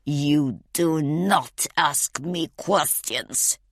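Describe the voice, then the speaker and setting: A woman voicing a menacing male thug who hisses his threats slowly and low. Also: no echo, clean studio sound, heavily acted. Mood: threatening. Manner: hissing, slow and low.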